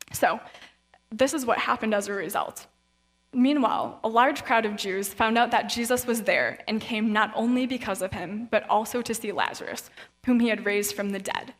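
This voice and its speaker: A woman guest speaker giving a conversational sermon with Bible readings, chatty and casual, now and then acting out the voices of people in the story. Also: mid-range voice. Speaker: guest speaker at a young adult event. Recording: reverberant hall sound.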